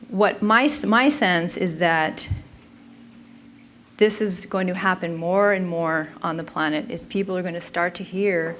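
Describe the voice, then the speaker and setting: A woman's voice: lowish voice, measured pace, pauses often, fairly bright tone, a little hiss or hum. A woman giving an informal talk at a conference in a chatty way, often stopping and restarting her sentences. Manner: chatty, self-interrupting, frequent restarts. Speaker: conference presenter.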